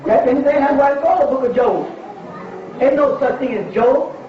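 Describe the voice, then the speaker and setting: A man's voice: very high-pitched, normal speed, slight background noise. A man giving a lecture to an audience and taking their questions. He talks emphatically, repeats his points and asks rhetorical questions. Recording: distant, echoey, dull lo-fi recording.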